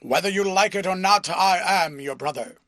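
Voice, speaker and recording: A man voicing a loud, overbearing, pompous male philanthropist in an audiobook reading. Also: normal speed, dry recording, clean studio sound. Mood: pompous booming. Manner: booming, ferocious, self-important.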